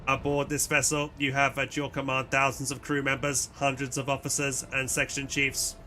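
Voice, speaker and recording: A man voicing a female cyborg communications officer in a flat, mechanical robotic voice while reading a game aloud. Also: mid-range voice, normal speed, lightly acted. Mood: dutiful.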